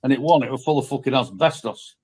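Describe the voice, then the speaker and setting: A man's voice: mid-range voice, fast talker, a little mellow, husky. A man telling blunt workplace stories with heavy swearing as a guest in casual talk. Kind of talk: casual storytelling.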